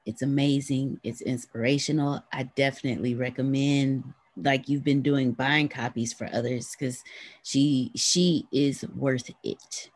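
Deep-voiced woman, polite and measured, close dry mic. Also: steady tone, no echo. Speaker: meeting participant.

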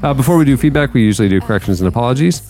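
A man's voice: medium pitch, expressive, rapid-fire, over music. A man co-hosting a podcast in casual, jokey chat, laughing often. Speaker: podcast co-host.

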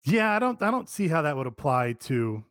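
A man in casual podcast chat who gets excited, swears, and acts out bits. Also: fairly high pitch, fairly quick, no echo, studio quality. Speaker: podcast co-host.

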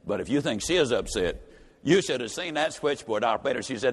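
A man's voice: mid-range voice, sing-song, fairly quick. A man giving a motivational speech, telling a story in a folksy, emphatic way with repeated refrains. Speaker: motivational speaker. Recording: reverberant hall.

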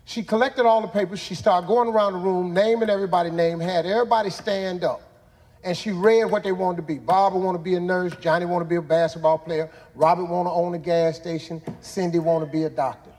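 A host in his sixties tells a childhood story for motivational purposes, drawling folksily as he builds to punchlines. His voice is high-pitched, steady and a little mellow, moving quickly with a big-room sound.

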